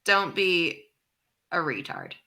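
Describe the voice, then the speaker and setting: A woman co-hosting a comedy podcast, chatting casually in an animated, teasing way. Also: fairly low pitch, takes it slowly, creaky. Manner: animated, teasing, talks through her feelings. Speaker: podcast co-host.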